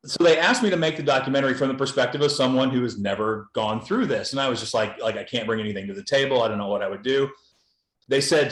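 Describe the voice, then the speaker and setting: A filmmaker from Los Angeles, a man, speaking bluntly and earnestly in a candid panel discussion, often repeating words as he goes. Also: medium pitch. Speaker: documentary filmmaker guest. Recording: roomy echo.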